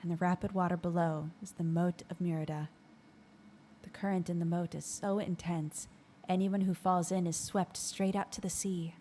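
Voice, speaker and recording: A woman voicing a polite, earnest young lady adventurer in a courteous, measured way. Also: fairly low pitch, level tone, mellow, lightly acted.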